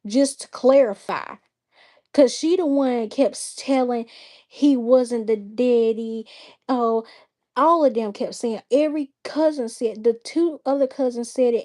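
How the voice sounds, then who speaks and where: A woman's voice: on the high side, a little mellow. A woman hosting a livestream, telling a story in casual chat, blunt and exasperated, with frequent cursing. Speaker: livestream host.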